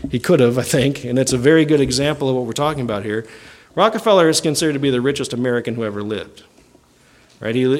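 A pastor preaching a sermon in a fairly high male voice. He reads scripture aloud and explains it conversationally, often pausing to ask "right?". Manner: conversational preaching, frequent "right?" check-ins.

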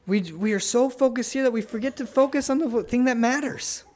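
A man preaching an earnest sermon, telling family stories and pleading gently with listeners to come to faith. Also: very high-pitched. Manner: earnest, pleading, tender pauses. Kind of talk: sermon with altar call.

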